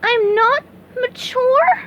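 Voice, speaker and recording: Woman reader as high squeaky young cartoon sponge man, hyper, loud. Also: expressive, very slow, highs cut off, slight background noise, heavily acted. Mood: hurt. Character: excitable squeaky young male sea sponge.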